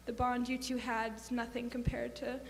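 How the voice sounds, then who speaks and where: A woman at a memorial with quick, filler-laden asides, reading a letter aloud. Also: a little high, flat delivery, vocal fry. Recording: echoey hall with faint hum.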